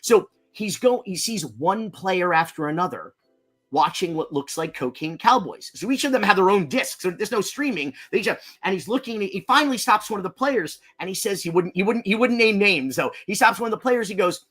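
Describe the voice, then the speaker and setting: Male filmmaker guest from Miami; raised pitch, energetic, rambling anecdotes with "you know"s and cursing. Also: moderate pace, slightly rough. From Miami, Florida, US. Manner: animated, profane, rambling with many fillers and restarts. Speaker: documentary filmmaker, podcast guest. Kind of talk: anecdotal storytelling in a podcast interview.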